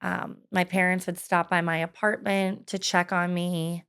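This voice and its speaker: A woman's voice: lowish voice, flat delivery, a little slow, fairly bright tone, clear, resonant tone. A woman in her thirties telling her personal story in an interview, candid and hesitant, with frequent fillers and laughs. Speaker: guest.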